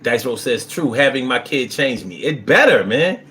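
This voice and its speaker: A man's voice: mid-range voice, moderate pace, a little hiss or hum. A man hosting a live stream, reading viewers' comments aloud and answering them bluntly with lots of cursing. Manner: blunt, profane, swings into loud animated bursts. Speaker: livestream host reading chat. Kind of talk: casual live-stream chat.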